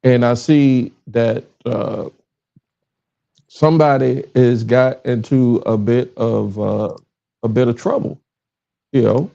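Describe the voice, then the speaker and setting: A middle-aged man with a Southern accent hosts his own livestream, his voice gravelly and mellow. He talks in a loose, rambling way, often breaking off mid-sentence. The audio is a little dull and lo-fi, like a phone feed. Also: mid-range voice, slow pace, long pauses. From Richmond, Virginia. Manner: rambling, self-interrupting, fumbles with his stream setup. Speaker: podcast host. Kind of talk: casual solo livestream talk. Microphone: livestream with phone recording.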